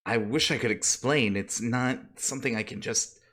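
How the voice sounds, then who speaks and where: Man doing a middle-aged uncle, hesitant, apologetic, mid pitch, tabletop game. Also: normal speed, a bit bright, close to an everyday voice.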